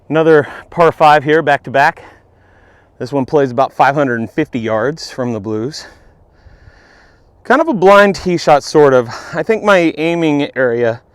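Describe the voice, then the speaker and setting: A man's voice: a little high, expressive, unhurried, pauses often, clean tone, no room sound. A man vlogging his own round of golf outdoors, talking to the camera between shots, self-deprecating and now and then out of breath. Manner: self-deprecating, talks to the camera while playing. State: out of breath at times. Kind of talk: casual on-course commentary.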